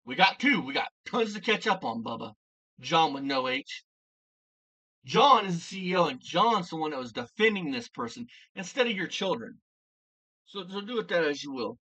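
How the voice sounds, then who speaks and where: A vlogger unloads an angry, profanity-laced commentary rant, piling on insults and hammering key phrases over and over. The voice is bright and sharp and swings widely in pitch. It sits a little far from the microphone. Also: sing-song, normal speed, lo-fi sound.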